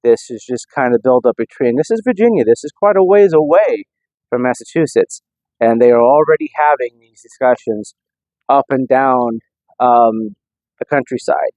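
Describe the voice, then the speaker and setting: Male history vlogger, casual rambling explainer, dry close audio, mid pitch. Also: moderate pace, darkish tone, dry recording, rough recording. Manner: loose, rambling delivery with many restarts. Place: inside an old church.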